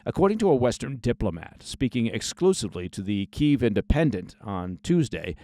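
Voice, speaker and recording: A man's voice: fairly low pitch, darkish tone, no room sound, studio quality. A man hosting a scripted news briefing, reading the stories in a conversational way with short asides and stressed key words. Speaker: news podcast host.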